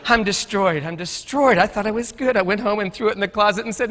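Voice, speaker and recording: A middle-aged conference speaker tells folksy, joking stories about his teaching days and his childhood in a keynote. He speaks in a high-pitched, slightly bright voice, a little fast, and the hall around him is echoey.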